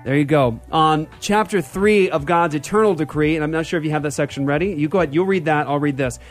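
A man's voice: a little high, fast talker, soft background music. A man hosting a church talk show, teaching theology in an emphatic style and repeating key phrases.

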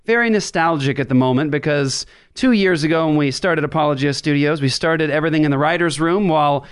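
A fairly high-voiced man talks in an animated, rambling way, hosting a casual chat show from a makeshift studio. His voice comes across smooth and clear, and he keeps stopping and restarting mid-sentence. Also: brisk. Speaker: podcast host. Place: makeshift studio in a writers' room.

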